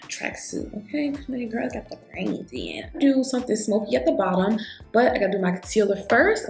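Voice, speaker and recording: A chatty woman vlogger talks through her makeup routine and tells lively stories straight to the camera. Her voice sits in a middle register and rings out in an echoey room, with faint music behind her. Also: mid-range voice. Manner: chatty, animated storyteller, talks straight to viewers. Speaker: beauty vlogger. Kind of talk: casual chat while doing makeup.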